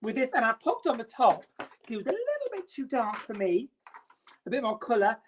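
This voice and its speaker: A woman's voice: a little high, wildly swooping pitch, brisk, a little hiss or hum. A middle-aged woman hosting a makeup live stream, theatrical and self-mocking, greeting viewers by name.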